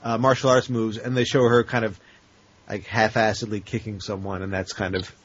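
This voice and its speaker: A man's voice: lowish voice, level tone, normal speed, fairly bright tone, highs cut off. A man in casual podcast chat, talking hesitantly with many fillers.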